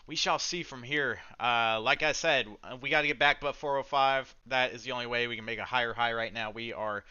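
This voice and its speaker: A very bright, crisp male voice talks through the market on a live trading stream. He chatters in excited slang and shares his read on price levels. The audio is slightly dull and lo-fi. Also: medium pitch, brisk. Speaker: stock trading livestream host. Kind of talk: casual live market commentary.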